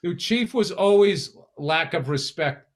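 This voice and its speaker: A man's voice: high-pitched, lively intonation, unhurried. A middle-aged man with a Boston accent co-hosting a podcast, telling stories in a heated, profane, casual way. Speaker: podcast co-host. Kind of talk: casual chat.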